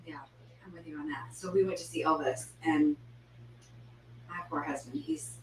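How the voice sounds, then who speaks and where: A woman co-hosting a podcast in casual chat, an animated storyteller who laughs often and drops to murmurs. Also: deep voice, moderate pace. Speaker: podcast co-host. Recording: roomy sound from a distance, faint hum.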